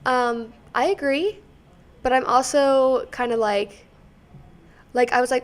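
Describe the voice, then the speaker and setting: A woman's voice: fairly high pitch, measured pace, pauses often. A young woman co-hosting a music podcast in casual, rambling chat with many fillers, recorded on a desk mic in a small dorm-basement studio. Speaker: podcast co-host. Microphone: desk microphone.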